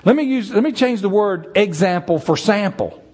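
A man preaching a sermon in a church, animated and acting out the voices of the people he quotes. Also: sits high, normal speed, breathy edge.

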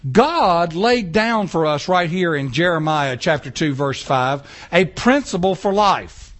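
A man preaching a sermon in church, animated, with casual asides and rhetorical questions to the congregation. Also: a little high, measured pace. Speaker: pastor. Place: church sanctuary.

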